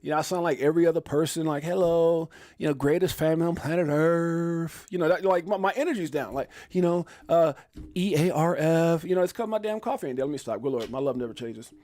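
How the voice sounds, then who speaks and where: A man hosting a casual live stream, excitable and joking, often exclaiming as he runs through prices. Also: a little high, quick pace. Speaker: crypto live stream host.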